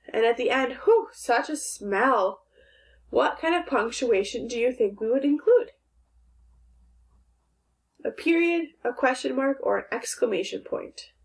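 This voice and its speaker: Female teacher, slightly high voice, slow, clear delivery for young kids, asks questions and gives praise. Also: animated. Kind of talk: phonics and grammar lesson for young children.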